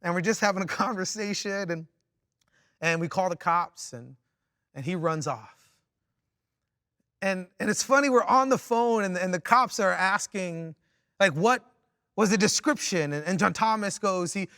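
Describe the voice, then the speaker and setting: A man preaching a sermon through a personal story, animated and full of restarts, moving from loud exclaiming to quiet reflection. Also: high voice, normal speed, long pauses, dry recording, studio quality. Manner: animated, with frequent restarts and repeated words. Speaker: pastor.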